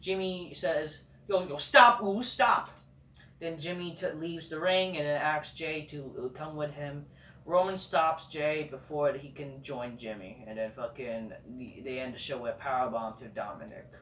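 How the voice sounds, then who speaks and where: A man's voice: on the high side, fairly even intonation, moderate pace, fairly bright tone, slight background noise. A man hosting a casual review show, ranting in a sarcastic, profane, dismissive way. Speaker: host. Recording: roomy echo, far from the mic.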